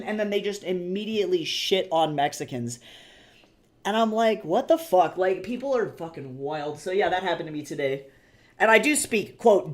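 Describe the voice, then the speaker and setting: A woman streamer chatting casually, rambling and swearing as she tells stories. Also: fairly low pitch. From United States. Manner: rambling, swearing, animated storytelling. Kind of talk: casual chat while drawing.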